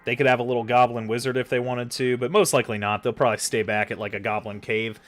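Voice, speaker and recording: Quick-paced and medium-pitched with little pitch movement, a dungeon master gives casual tabletop advice while typing notes over soft background music. He's loose and profane, swearing freely, thinking aloud with lots of fillers and trailing off.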